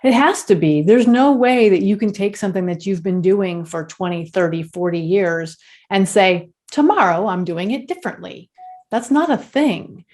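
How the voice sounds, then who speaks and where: A woman's voice: medium pitch, lively intonation, normal speed, darkish tone. A woman speaks as a communication coach on an interview show. She delivers her advice assertively, punching each point in short declarative sentences. Her voice sits in a middle register for a woman. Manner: emphatic, assertive, makes points in firm short statements. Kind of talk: interview guest, advice-giving.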